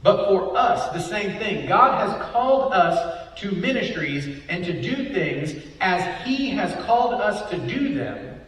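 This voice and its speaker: A man's voice: sits high, very animated, slow pace, few pauses, a bit bright. A man preaching a Bible study sermon, often asking rhetorical questions and adding "right?". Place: church hall. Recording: echoey hall, voice from far off.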